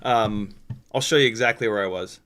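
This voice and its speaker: Bright-voiced joking man hosting a stream. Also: on the low side, normal speed, clean tone. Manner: joking, animated, swears freely. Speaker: livestream host. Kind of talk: casual live-stream chat.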